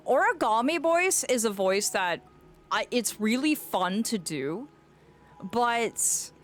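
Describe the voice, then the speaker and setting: Chatty woman streamer with lively pitch. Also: a little hiss or hum. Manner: chatty, rambling, talks to chat with endearments. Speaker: streamer playing a game. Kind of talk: casual live-stream chat.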